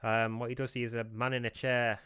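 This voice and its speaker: A man rambles through an improvised comic tale with crude, deadpan asides. His voice is bright and forceful at an average pitch. The sound is close and dry. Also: fairly quick, clean tone, no echo. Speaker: podcast co-host.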